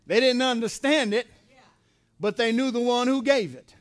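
High-voiced emphatic male preacher. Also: normal speed. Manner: emphatic preaching with repetition and call-and-response questions. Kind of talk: sermon. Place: church sanctuary.

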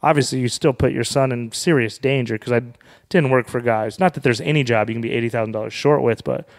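A man's voice: medium pitch, quick pace. A man who is a comedian, a guest on a podcast, telling a story in a casual and profane way.

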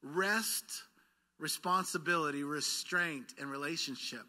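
In a church sanctuary, a male pastor with a slightly high, very bright voice delivers a lively sermon. He engages the congregation in call-and-response, speaking in quick bursts and then slowing his words.

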